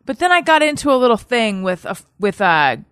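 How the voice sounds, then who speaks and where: A woman's voice: on the high side, big pitch swings, a little fast, a bit bright, clean tone, no room sound, studio quality. A woman hosting a podcast, chatting in a playful, rambling way. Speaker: podcast host. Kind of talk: casual chat.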